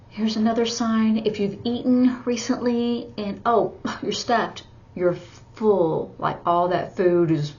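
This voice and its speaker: A woman teaching sign language in a slow, gentle explanatory style, with soft asides. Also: medium pitch. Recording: slightly dull recording with faint background hiss.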